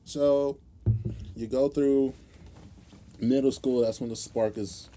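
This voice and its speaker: A man's voice: mid-range voice, fairly even intonation, slow, mellow. A man hosting a casual podcast, easygoing and joking, with occasional swearing. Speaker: podcast host.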